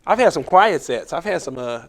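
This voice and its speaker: High-voiced comedian telling stories. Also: male voice, brisk. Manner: profane, animated storytelling with acted quotes. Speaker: comedian guest. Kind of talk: casual storytelling on a podcast.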